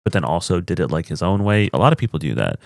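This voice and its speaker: A man's voice: low voice, big pitch swings, fast, vocal fry, dry recording, clean studio sound. A man co-hosting a podcast, reviewing a movie in a laid-back, joking way and swearing casually. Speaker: podcast co-host.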